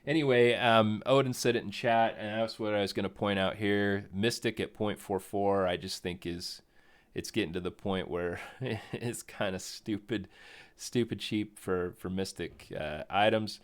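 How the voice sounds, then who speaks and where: A man's voice: on the low side, unhurried, clean tone. A man co-hosting a live stream in casual chat, rambling and correcting himself, often chuckling. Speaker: co-host of a crypto game stream.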